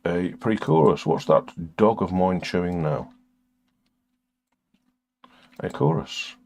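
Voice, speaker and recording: A man's voice: deep voice, measured pace, darkish tone. An older man chatting casually on a live stream while recording music, sardonic and crude, muttering to himself as he works.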